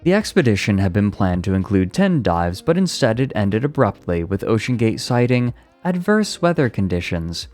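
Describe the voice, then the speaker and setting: A man with a fairly low voice streams casually, reading an article aloud and cutting in with rambling, profane asides. Faint music plays softly underneath him. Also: big pitch swings, moderate pace, few pauses. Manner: profane, rambling asides between read passages.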